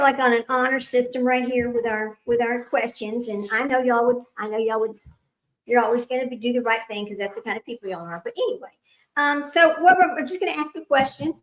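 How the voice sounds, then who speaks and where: High-voiced chatty woman hosting trivia. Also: fairly quick, rough recording. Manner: rambling, chatty, laughs often, talks to viewers as y'all. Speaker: livestream trivia host. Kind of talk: casual livestream chat.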